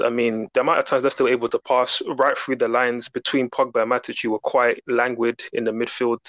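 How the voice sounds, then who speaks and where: Man, podcast guest, fluent analytical talk, mid pitch, dry recording. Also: fairly bright tone, no room sound, poor audio. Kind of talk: casual football analysis.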